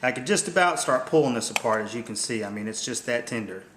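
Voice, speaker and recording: A man, hosting a casual cooking demonstration in a kitchen, talking in a relaxed, folksy, plain-spoken way. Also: mid-range voice, fast talker, noisy background. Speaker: company host demonstrating cooking. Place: indoor kitchen. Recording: roomy kitchen echo.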